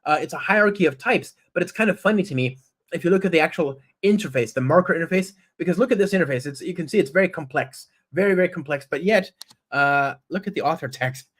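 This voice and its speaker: A man with a fairly high voice gives a live-coding talk at a conference. He is enthusiastic and chatty. He keeps checking in with his listeners with a quick "right?" as he spells out code. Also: fairly bright tone. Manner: enthusiastic and chatty, with frequent "right?" and "okay?" to the audience; talks while typing code aloud. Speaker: conference speaker. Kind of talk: live-coding technical presentation.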